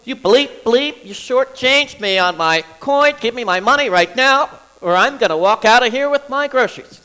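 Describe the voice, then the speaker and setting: A man acting out a rude, furious man who yells insults at people around him. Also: very high-pitched, lively intonation, moderate pace, smooth, pitched above the performer's own voice, exaggerated voice. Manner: shouting, insulting.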